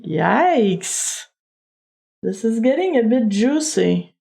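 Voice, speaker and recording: Slow-talking gravelly woman streamer. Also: a little high, very animated, mellow. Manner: chatty, joking, laughs often. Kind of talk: casual let's-play commentary.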